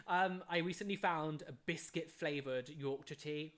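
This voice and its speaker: A live streamer in casual chat, reading and answering viewer questions, chatty and excitable, humming little tunes between answers. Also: medium pitch, measured pace. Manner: chatty and excitable, hums filler tunes, laughs often.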